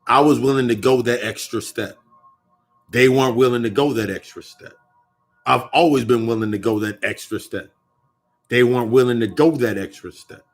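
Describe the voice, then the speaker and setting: A man's voice: medium pitch, normal speed, faint music behind. A young man talking in a casual spiritual monologue, profane and rambling, often repeating and restarting his phrases. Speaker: occult vlogger.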